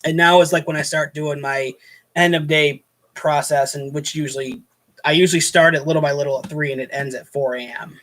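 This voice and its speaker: A man's voice: a little high, fairly even intonation, a little fast, fairly bright tone. A man hosting a casual show, telling a rambling, exasperated story about a pushy guest at his hotel night-desk job, with many restarts.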